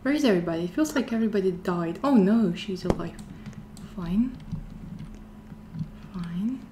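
A gameplay streamer with a mid-range voice, lively intonation and a moderate pace narrates her horror game to herself. Fear shows as she repeats things and drops to a whisper, and loud game music sits behind her voice along with slight background noise.

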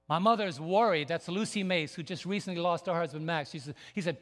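A man preaching a sermon as pastor, emphatic and building to near shouts. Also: on the high side, fast talker, hardly any pauses. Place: church sanctuary. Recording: long church hall reverb.

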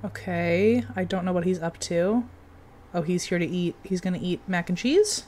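A young woman giving casual commentary while playing a game, chatty and given to sudden excited outbursts. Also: on the low side, normal speed. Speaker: game streamer.

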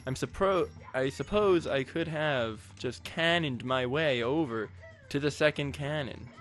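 A man's voice: mid-range voice, measured pace, a bit bright. A man giving casual, jokey gameplay commentary as a let's play host, rambling with crude asides.

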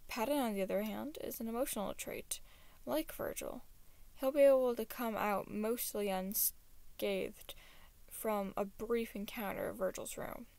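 Woman reader plays a precise logic-minded man, gravelly, unhurried. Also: fairly high pitch, darkish tone, no echo. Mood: formal. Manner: formal, precise. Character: logical, formal male intellectual.

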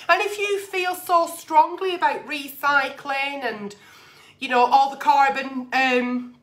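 A woman giving blunt, sweary, animated advice in a candid vlog, answering readers' letters like an agony aunt. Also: high-pitched, slow pace.

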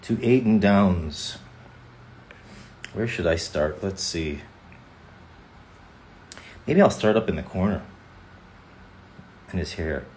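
A playful man who rambles and jokes while he chats with his viewers. His voice sits a little low, and he talks in an easy, casual way. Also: expressive, slow pace, pauses often, darkish tone, slight background noise. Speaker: voice actor signing autographs on a livestream. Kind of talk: casual chat.

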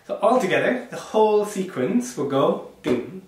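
Lively, encouraging male percussion teacher. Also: a little high, moderate pace, few pauses, background noise. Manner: encouraging, demonstrates rhythm syllables out loud. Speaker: percussion workshop leader. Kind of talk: online workshop instruction. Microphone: small clip-on microphone. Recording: very echoey room, voice sounds distant.

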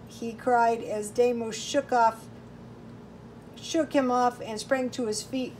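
A woman reading a storybook aloud in slow, measured narration. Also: on the high side, level tone, a little mellow, slight background noise, rough recording. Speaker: audiobook reader.

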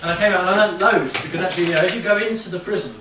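A man with a high voice talks rapid-fire to a live audience, chatty and rambling, often checking in with "yeah?". It's casual talk in a room with an audience, recorded on a distant mic in an echoey space with faint noise.

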